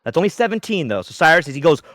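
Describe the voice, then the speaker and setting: A man narrating a tabletop role-playing game as game master, lively and dramatic, bursting into loud exclamations. His voice is bright and sharp, slightly raised. The sound is close and dry. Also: fairly high pitch, racing, no room sound. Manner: animated, dramatic storytelling with sudden loud outbursts.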